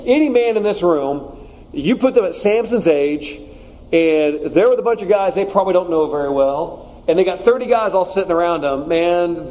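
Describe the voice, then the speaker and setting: A man's voice: on the high side, poor audio. A man preaching in a casual, joking way, acting out the story's lines as he teaches. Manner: animated, joking, acts out quotes. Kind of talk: conversational sermon.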